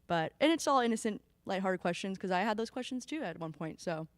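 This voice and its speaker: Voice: medium pitch, lively intonation, brisk, dry recording. A clinic outreach worker speaking casually at a community panel, with frequent fillers. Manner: casual and chatty, with many fillers.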